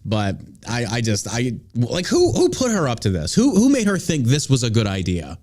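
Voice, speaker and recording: A man's voice: medium pitch, huge pitch swings, moderate pace, darkish tone. A man hosting a podcast, ranting through political commentary in a heated, profane way. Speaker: podcast host.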